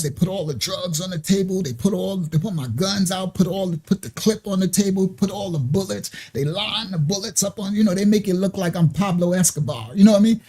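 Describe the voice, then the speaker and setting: A middle-aged man hosts a ministry talk show, speaking in a slightly raised, warm-toned voice with a husky edge. He tells his story in an emotional, rambling way, correcting himself on details as he goes. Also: high-pitched. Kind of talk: casual personal storytelling.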